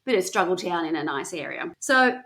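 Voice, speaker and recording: A woman's voice: on the low side, sing-song, fairly quick, fairly bright tone. Woman co-host, chatty true-crime teller who laughs at her own slips. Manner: chatty storyteller, self-mocking, laughs often. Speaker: podcast co-host. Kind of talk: casual chat.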